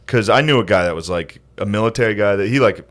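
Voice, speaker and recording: A man's voice: on the low side, fast talker, fairly bright tone. Man joking loosely on a podcast. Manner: rambling, jokey, laughs often. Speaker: podcast co-host. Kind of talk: crude comedic banter.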